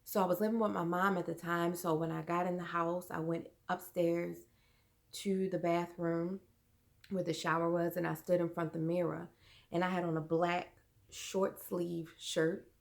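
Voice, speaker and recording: Low flat-voiced woman telling her story. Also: gravelly. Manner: earnest, halting, many fillers. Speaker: vlogger. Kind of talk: personal storytelling.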